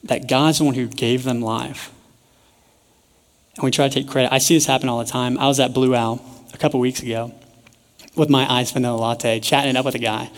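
A young man preaching a sermon in a casual, joking storytelling way with lively asides. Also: mid-range voice. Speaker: pastor teaching a sermon series. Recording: echoey church hall.

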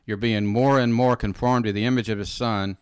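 A man's voice: fairly low pitch, fairly even intonation, a little fast, clear, resonant tone, no echo, clean studio sound. A man giving informal, earnest Bible teaching in conversation, repeating phrases and often saying "you know" and "amen".

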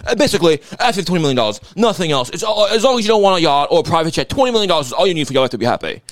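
A young man co-hosting a profane comedy podcast, launching into animated mock-angry rants. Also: on the high side, very fast, no echo. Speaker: podcast co-host.

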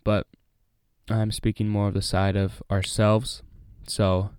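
A man with a lowish, mellow voice reads a Bible passage and then chats about it casually, full of "uh" and "like". His voice is smooth and clear, recorded close and dry. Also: slow, no echo. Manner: relaxed, chatty, many fillers. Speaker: Bible study host. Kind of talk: casual Bible reading and commentary.

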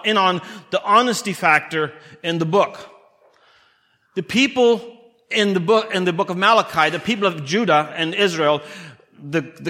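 Bright high-voiced man preaching in a reverberant church. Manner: conversational preaching with rhetorical questions and acted-out dialogue. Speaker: pastor. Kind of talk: sermon. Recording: church hall with long reverb.

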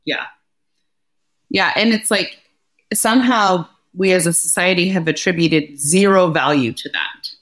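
A woman hosting a podcast in casual conversation, a lively storyteller who acts out the dialogue she quotes. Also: on the low side, measured pace. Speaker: podcast host.

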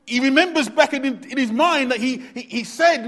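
A man preaching a sermon earnestly, repeating phrases for emphasis and swinging between loud and hushed delivery. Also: extremely high pitch, expressive, moderate pace, hardly any pauses. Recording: long hall reverb.

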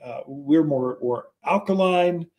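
A man's voice: a little high, slow, darkish tone. A man hosting a garden radio show in a studio, talking in a chatty, joking way. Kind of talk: casual radio chat.

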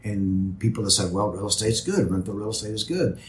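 A man's voice: fairly low pitch, expressive, brisk, reverberant. A man talking as a podcast guest in casual interview chat, rambling with many restarts and repeated words.

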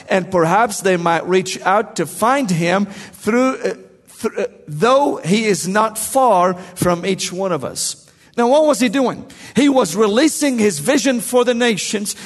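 A man's voice: sits high, animated, measured pace, in a large hall. A man preaching a sermon, emphatic and repetitive, asking the congregation questions.

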